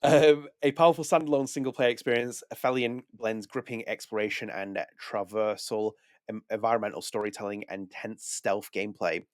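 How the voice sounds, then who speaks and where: A man's voice: fairly low pitch, steady tone, brisk, no room sound, studio quality. A man hosting a podcast, talking casually, correcting himself and reading press text aloud. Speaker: podcast host.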